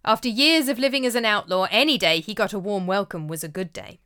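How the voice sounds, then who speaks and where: A woman narrating a folk tale in a measured, expressive way. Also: mid-range voice, clear, resonant tone. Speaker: storyteller. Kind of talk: storytelling narration.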